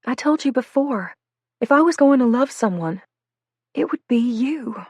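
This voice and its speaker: A woman's voice: sits high, lively intonation, a little slow, a little mellow, slightly rough, dry recording, voice pushed up, exaggerated voice. Woman narrator voicing an anguished young woman, lifted and tearful, dry read. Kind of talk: audiobook character voice.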